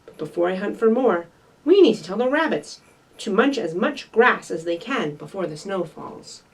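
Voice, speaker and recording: A woman voicing a busy, hungry male squirrel who talks quick and eager. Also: medium pitch, sing-song, distant mic, poor audio.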